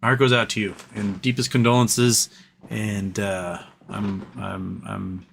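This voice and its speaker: A man's voice: on the low side, flat delivery, measured pace, gravelly, fairly bright tone, slight background noise. A man hosting a casual livestream, reading chat messages aloud and answering them in an earnest, rambling way with frequent restarts.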